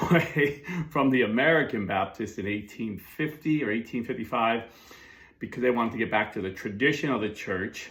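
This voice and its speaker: A man's voice: lowish voice, a bit bright. A middle-aged man giving a casual monologue as a Catholic commentator, chatty with fillers and asides.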